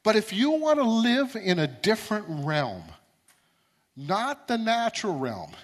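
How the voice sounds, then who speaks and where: High-voiced man preaching a sermon. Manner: earnest, repeats words, builds to emphatic peaks.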